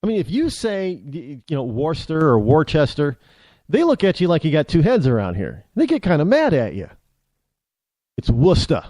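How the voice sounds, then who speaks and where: An American man hosting a talk show, delivering a rambling opinion monologue full of halting restarts. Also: on the high side, wildly swooping pitch, warm tone, no room sound, clean studio sound. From United States.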